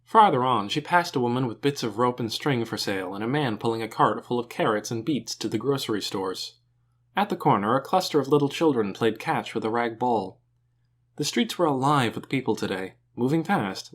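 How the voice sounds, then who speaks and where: A man narrating an audiobook with an expressive, animated reading. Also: medium pitch.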